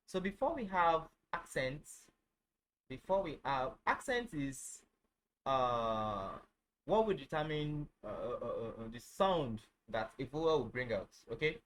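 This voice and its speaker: A man teaching a casual online lesson, halting, with many fillers, who says each phrase over and over. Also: mid-range voice, animated, fairly bright tone, slight background noise, rough recording. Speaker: language teacher.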